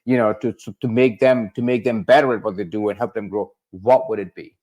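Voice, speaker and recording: A man's voice: on the low side, steady tone, a little fast, a little mellow. A man hosting a business podcast interview, asking questions and encouraging his guest. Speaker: podcast host.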